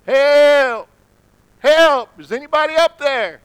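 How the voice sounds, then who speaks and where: A preacher voicing a desperate man hanging from a cliff, yelling for help in a raised voice. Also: extremely high pitch, takes it slowly, dry recording, voice pushed up. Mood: panicked.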